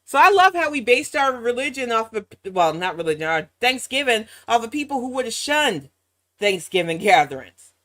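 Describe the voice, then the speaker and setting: A woman's voice: fairly high pitch, very animated, moderate pace, a bit bright, no room sound, studio quality. An American woman hosting a reaction commentary, blunt and sarcastic, swearing freely. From United States. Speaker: commentary channel host.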